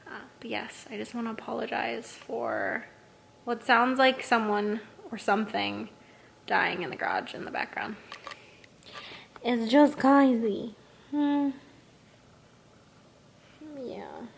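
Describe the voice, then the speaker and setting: A woman's voice: fairly high pitch, lively intonation, moderate pace, gravelly, fairly bright tone, slight background noise. A young pregnant woman chatting casually in a vlog, rambling and self-deprecating. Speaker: vlogger.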